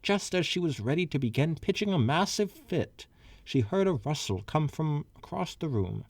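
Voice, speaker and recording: A man's voice: on the high side, very animated, normal speed, no echo. A man co-hosting a comedy podcast, reading fanfiction aloud and stopping to add asides. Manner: reads with asides and stumbles.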